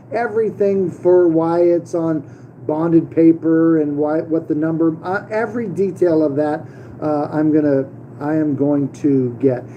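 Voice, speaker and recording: A man's voice: a little high, dull audio, slight background noise. A middle-aged man talking casually to camera as the host of his own channel, rambling with many fillers and restarts. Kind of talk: casual vlog monologue.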